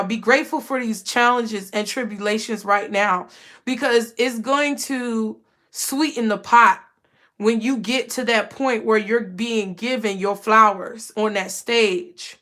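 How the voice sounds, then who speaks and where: A woman's voice: on the high side, unhurried, sharp tone. Emotional woman giving a spiritual reading. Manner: emotional, repetitive, addresses viewers as y'all. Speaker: tarot reader. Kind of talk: casual spiritual reading to camera.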